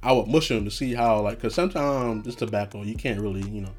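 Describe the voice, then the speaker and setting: A man's voice: fairly low pitch, quick pace, husky, soft background music. A young man hosting a casual solo podcast, talking in a laid-back, profane way and laughing often. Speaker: podcast host.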